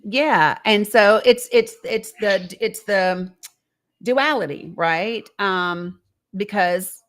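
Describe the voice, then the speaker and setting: Woman, live show host, reflective, conversational, rhetorical questions, mid pitch. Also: a bit bright. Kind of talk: encouraging live-stream talk.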